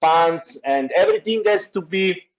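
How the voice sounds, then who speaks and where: A man with a noticeable Italian accent talks haltingly over a video call. His voice sits a bit high, and his explanations are broken up by frequent filler sounds. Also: rough recording. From Naples, southern Italy. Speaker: guest speaker. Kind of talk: explaining pictures in an online class.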